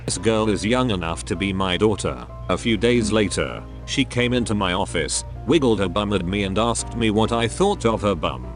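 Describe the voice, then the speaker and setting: A man reading online posts aloud in a flat, even manner. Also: fairly low pitch, moderate pace, few pauses. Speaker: story reader. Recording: with music behind.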